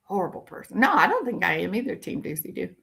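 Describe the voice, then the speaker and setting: Older woman, livestream host, bright tone, casual ranting, reacting to chat. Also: mid-range voice, very animated, quick pace, vocal fry. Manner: ranting, reacting to viewer comments. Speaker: true crime commentary host.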